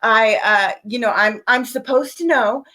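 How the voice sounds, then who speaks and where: A woman's voice: a little high, measured pace, sharp tone. A woman hosting a podcast interview over a video call, chatting casually and rambling, with lots of fillers and giggles. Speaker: podcast host.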